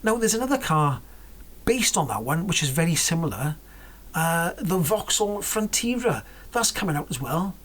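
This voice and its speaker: A woman's voice: fairly low pitch, sing-song, normal speed. A woman vlogging about cars in a rambling, chatty way, often correcting herself and dropping into whispered asides. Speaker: car vlogger. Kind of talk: casual chat about cars.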